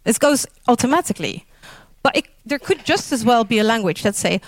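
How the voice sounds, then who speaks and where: A woman's voice: a little high, expressive, fairly quick, no echo. A woman with a Dutch accent, a native Dutch speaker, giving an informal talk on linguistics in English, hesitant, with many fillers and self-corrections. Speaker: lecturer.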